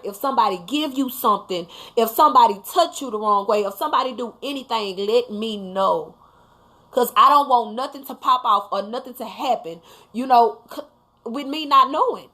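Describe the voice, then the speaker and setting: A woman's voice: fairly high pitch, sharp tone. A mother hosting a casual live talk, speaking emphatically and bluntly to her viewers, now and then swearing. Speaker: livestream host talking to viewers.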